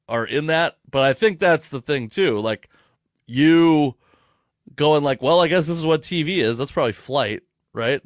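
A man hosting a casual podcast chat, telling a story in an animated, profane way. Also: mid-range voice, no echo, clean studio sound. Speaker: podcast host.

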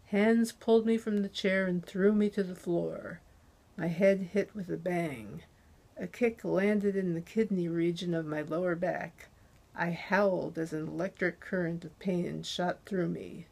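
A woman narrating a thriller audiobook in the first person, with a tense, unhurried delivery. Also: lowish voice, steady tone, creaky, warm tone, slightly rough.

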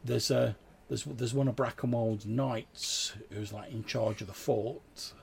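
A man voicing a young local lad who talks in a rambling, halting way. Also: medium pitch, steady tone, vocal fry, darkish tone, a little hiss or hum. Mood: chatty.

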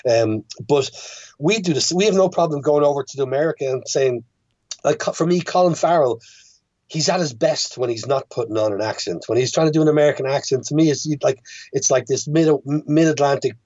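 A man's voice: a little high, fairly quick, a little mellow, no room sound, lo-fi sound. A young Irish man, a filmmaker, chatting casually as a podcast guest and rambling with frequent restarts. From Ireland. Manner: rambling, many restarts and stammers.

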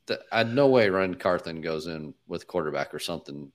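Brief: male podcast host, very low voice, measured and hedging. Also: animated. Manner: measured, thinking aloud with hedging. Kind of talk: casual podcast chat.

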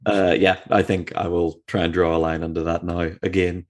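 Low-voiced male co-host, banters and jokes through the recap. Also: moderate pace. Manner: joking, teasing, animated asides. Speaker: podcast co-host. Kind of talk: casual sports chat.

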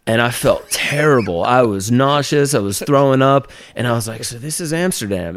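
A young man, a documentary maker on a speaking tour, tells a personal story as a podcast guest, with lively laughs and filler words. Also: mid-range voice, normal speed, hardly any pauses, a little hiss or hum. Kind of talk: casual storytelling in an interview.

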